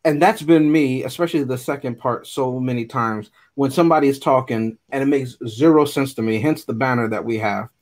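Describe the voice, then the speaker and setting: A man's voice: mid-range voice, a little fast, few pauses, darkish tone. A man co-hosting a podcast, chatting casually about a movie with wry, joking asides. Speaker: podcast co-host.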